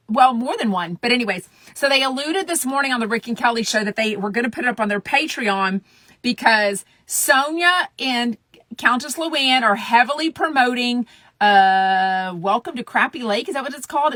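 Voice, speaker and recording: A chatty woman hosting a gossip show, blunt and a little profane. Her voice is bright and sits on the high side. The sound is close and dry. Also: dry recording. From Texas. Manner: chatty, blunt, profane, drops into a whisper for secrets. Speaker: podcast host. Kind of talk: casual gossip chat.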